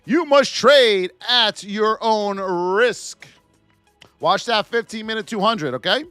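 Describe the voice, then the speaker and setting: A man hosting a live stock trading stream, giving market commentary and shouting out chat names in an animated, sing-song way. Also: sits high, slow, smooth, no room sound, soft background music. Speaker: stock trading livestream host.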